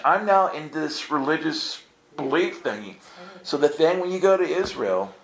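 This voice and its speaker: A man telling funny stories to a group, acting out quotes with sudden high excited outbursts. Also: normal speed, roomy sound. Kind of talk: animated storytelling.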